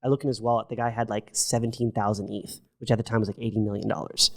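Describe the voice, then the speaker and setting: A middle-aged man, a podcast guest, telling a story in casual chat, animated and profane, acting out what people said. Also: fairly low pitch, fast, gravelly. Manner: animated, profane, acts out quotes.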